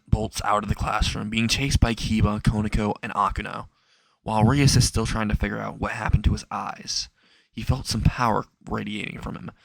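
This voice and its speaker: A man with a low, gravelly voice tells a fan story in a casual, unscripted way. He sometimes stumbles and restarts, and he gives the quoted lines some feeling. The sound is close and dry, with no room echo. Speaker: fan fiction narrator. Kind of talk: reading a fan story aloud.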